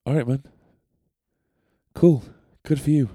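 A man's voice: mid-range voice, takes it slowly, dark tone, no room sound. A young man who tells stories on a podcast in a rambling, sweary, self-deprecating way. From North East England. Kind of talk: casual storytelling.

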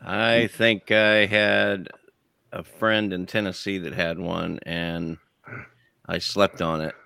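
A man on a casual podcast, dropping crude deadpan one-liners. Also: low voice, slow, gravelly, clear, resonant tone, no echo, clean studio sound. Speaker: podcast co-host. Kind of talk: casual chat.

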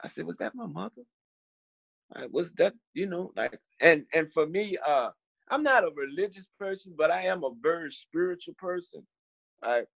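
A man's voice: a little high, huge pitch swings, creaky, a bit bright, no room sound. Man from telling his story. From Richmond, Virginia. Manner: halting, repeats words, acts out quoted voices. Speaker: guest. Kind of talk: storytelling interview.

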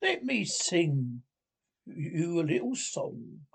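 A man reading the part of a boastful, squeaky weasel chief in a storybook. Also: very animated, slow, creaky, breathy edge, exaggerated voice. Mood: mocking.

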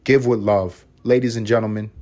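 A young man from the United States who hosts a podcast, telling a story in casual solo chat, animated, with big swings in pitch and loudness. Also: brisk, slight background noise. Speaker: podcast host.

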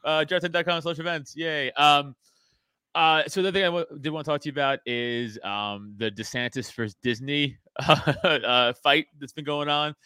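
A man's voice: on the high side, moderate pace, bright, forceful tone, smooth, no room sound. A man talking in a casual podcast chat as a comedian guest, laughing often and swearing freely.

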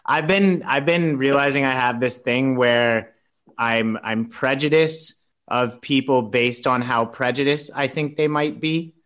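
A man's voice: medium pitch, a little slow, fairly bright tone. A man co-hosting a podcast in casual chat, teasing and often restarting his sentences. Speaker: podcast co-host.

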